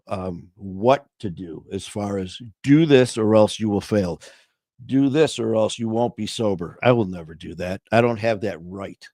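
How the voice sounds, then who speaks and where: A man's voice: fairly low pitch, darkish tone, dry recording, clean studio sound. A man hosting a livestream, chatting casually in a rambling, informal way full of fillers. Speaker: livestream host.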